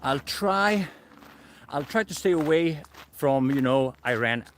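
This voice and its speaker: A man's voice: a little high, animated, takes it slowly, slight background noise. A man live streaming from a forest, chatting with viewers in a rambling, self-correcting way, a little out of breath. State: slightly out of breath. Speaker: livestreamer. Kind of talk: casual live stream chat. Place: forest outdoors.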